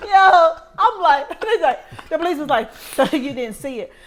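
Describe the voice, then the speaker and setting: A woman co-hosting a podcast, telling a story in casual chat, animated and laughing often as she acts out other people. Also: high-pitched, normal speed. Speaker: podcast co-host.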